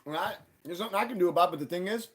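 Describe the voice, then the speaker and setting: A husky man on a live stream, going off in a loose, profane rant. His voice sits a little high for a man and gets loud and animated when he acts out what others said. Casual, blunt and unfiltered throughout. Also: rapid-fire. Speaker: livestream host. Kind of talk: casual profane ranting monologue.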